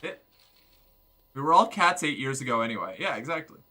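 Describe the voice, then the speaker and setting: A man streaming a game, giving excitable, joking commentary with crude humor. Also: medium pitch, fairly quick, slight background noise. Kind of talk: gameplay commentary.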